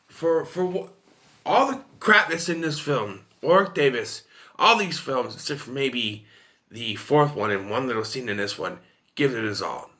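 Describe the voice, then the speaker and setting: A man's voice: mid-range voice, expressive, normal speed, sharp tone. A man giving a casual, rambling and opinionated film review to camera.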